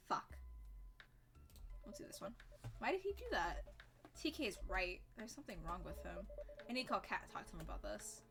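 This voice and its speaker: A woman's voice: mid-range voice, animated, gravelly, pushed and bright, faint music behind. A woman streaming a visual novel, reading the game's text aloud in first person and breaking off for casual, sweary asides. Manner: casual, swears, quick asides between read lines. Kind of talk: let's-play commentary, reading game text aloud.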